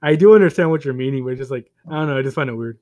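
Fast-talking teasing man on a podcast. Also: mid-range voice, darkish tone. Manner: teasing, laughs often, swears casually. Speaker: podcast co-host. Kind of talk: casual podcast banter.

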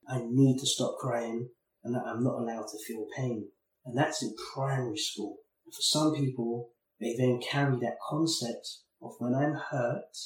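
A man's voice: medium pitch, a little mellow, far from the mic. A man in his thirties hosting a podcast, telling personal stories in an earnest, thoughtful way and sometimes repeating words as he thinks. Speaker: podcast host. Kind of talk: reflective conversational storytelling. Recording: roomy sound, a little off-mic.

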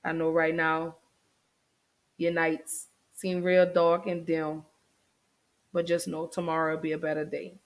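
A woman's voice: sits low, monotone, a little slow, long pauses. A woman hosting a podcast, talking in an earnest, caring way with many fillers. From United States. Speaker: podcast host. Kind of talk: casual podcast chat.

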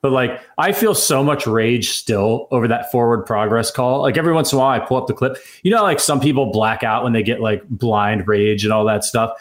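Middle-pitched man, rambling filler-heavy talker, casual sports chat. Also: brisk, few pauses. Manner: rambling, lots of fillers, laughs easily.

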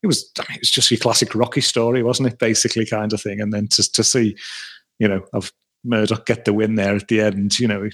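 A man with a husky, low voice chats loosely on a podcast. He speaks in a flat, level tone, circles back on himself and stacks fillers as he goes. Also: fast talker. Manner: rambling, many restarts and fillers. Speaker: podcast co-host. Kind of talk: casual wrestling review chat.

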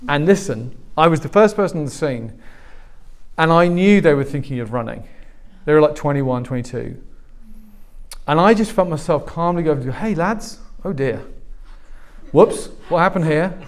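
A pastor in his forties preaches a sermon, telling stories with animation and acting out the voices of the people in them. His voice sits a little high, and he moves at a moderate pace.

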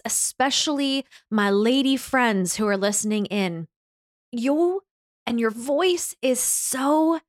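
Earnest, heartfelt middle-aged woman. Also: fairly high pitch. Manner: earnest, heartfelt, emphatic lists. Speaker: course creator and speaker. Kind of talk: motivational monologue.

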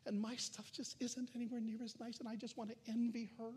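A man preaching a sermon, animated, swinging from loud calls to hushed near-whispers. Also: extremely high pitch, a little fast, breathy edge. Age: adult. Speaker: pastor.

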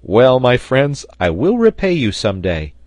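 A man voicing a hearty, excitable sailor who exclaims loudly and jumps high in pitch. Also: a little slow, no room sound, studio quality. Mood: excited. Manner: loud, exclamatory, voice leaping high. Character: hearty excitable middle-aged male sailor.

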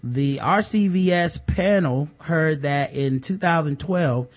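Male podcast co-host, slightly high voice, dry sarcastic humor over news items. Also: slow pace. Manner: sarcastic, deadpan joking. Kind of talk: casual comedic news commentary.

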